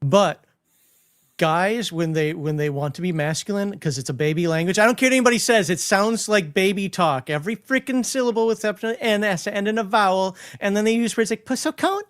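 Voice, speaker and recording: A man's voice: sits high, fairly quick, smooth. Blunt guy giving his takes on a stream, laughs while he talks. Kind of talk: casual chat.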